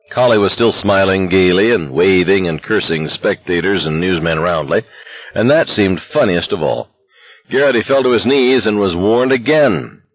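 A man narrating an audiobook in a steady, intense voice. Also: sits low, moderate pace, no room sound, lo-fi sound. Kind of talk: scripted narration.

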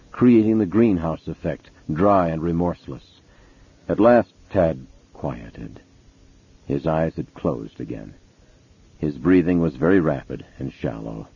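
A man narrates a novel in a low, husky voice, in a measured, dramatic way. His intonation rises and falls with lively shifts. The sound is dry and tinny, like a phone line. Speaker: audiobook narrator.

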